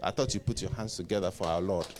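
A male preacher delivering a sermon, with call-and-response lines, stammered repeats and sudden loud rises. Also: low voice, fast, background noise.

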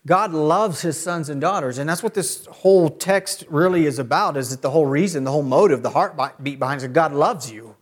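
Preaching man with a higher voice. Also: a little fast, few pauses. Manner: preaching, rising to loud emphatic peaks. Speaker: pastor. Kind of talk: sermon.

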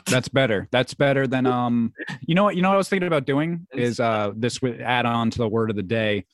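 Man, podcast host, crude joking banter, dry close sound, mid pitch. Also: fairly quick, no echo. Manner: crude joking, laughs often.

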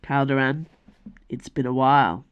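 A woman's voice: a bass voice, steady tone, normal speed, clean tone, dull audio. A woman voicing a dry, wry male assassin priest in an audiobook reading, giving unruffled retorts.

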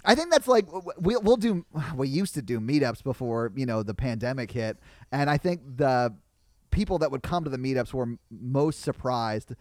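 A young man chatting casually as a podcast guest, telling animated stories and laughing often. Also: medium pitch, moderate pace, dry recording, studio quality. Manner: animated storyteller, laughs often, yells in punchlines. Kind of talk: casual chat.

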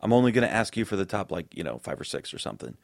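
A man's voice: low voice, big pitch swings, very fast, creaky, no room sound, clean studio sound. A man and parent in casual chat, setting up riddles and quizzing his partner. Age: adult parent.

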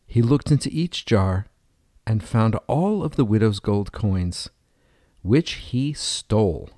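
Male storyteller, storybook narration, steady, mellow tone, dry sound. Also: fairly low pitch, takes it slowly, no echo.

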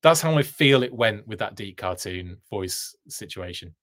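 A host chats through a casual livestream reaction, responding to viewer comments and frequently cutting himself off mid-sentence. His voice is lowish and fairly bright, with lively intonation and a moderate pace.

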